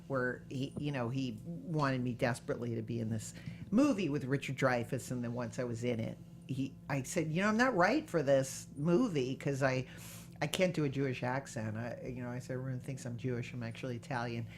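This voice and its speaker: Female podcast host, low voice, chatty and animated storyteller. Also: fairly quick, slight background noise. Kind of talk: casual interview chat.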